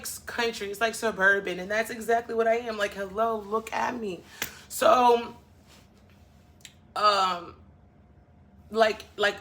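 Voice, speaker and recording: Woman vlogger ranting straight to camera, sassy and blunt, bright sharp voice. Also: mid-range voice. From northern US. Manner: blunt, sassy, fast asides, talks to viewers as y'all. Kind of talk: casual chat to camera.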